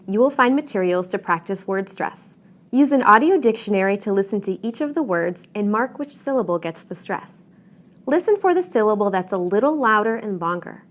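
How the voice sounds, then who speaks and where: A woman teaching English pronunciation in a clear, measured, encouraging scripted narration. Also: mid-range voice.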